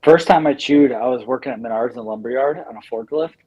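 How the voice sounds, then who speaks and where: A man's voice: mid-range voice, quick pace, husky, lo-fi sound. A young man joining a podcast chat, playful and telling stories. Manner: playful, anecdotal. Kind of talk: casual chat.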